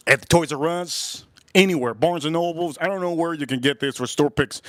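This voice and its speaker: A man's voice: a little high, a bit bright, dry recording, studio quality. A middle-aged man hosting a casual livestream, chatting and acting out both sides of his stories. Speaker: livestream host. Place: outdoors at a backyard grill.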